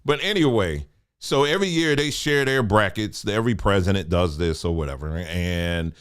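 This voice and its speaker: A man in a Black talks through a casual podcast monologue, joking and wandering into asides. His pitch swings up and down expressively. The recording is close and dry, with no room sound. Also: lively intonation, moderate pace, a bit bright, clear, resonant tone, no room sound. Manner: laid-back, joking, lots of asides and fillers. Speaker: podcast host.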